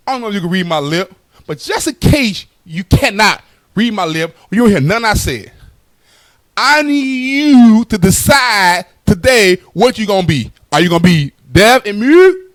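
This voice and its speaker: A young male comedian sits high in pitch with a slightly bright voice as he tells relaxed, conversational stand-up stories, tacking "right?" onto his lines. The recording is dry.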